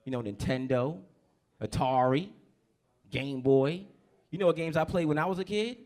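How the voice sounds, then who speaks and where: A man's voice: fairly high pitch, moderate pace, a little mellow. A man in his thirties from New Jersey doing a stand-up set in a comedy club, brash and profane, working the crowd.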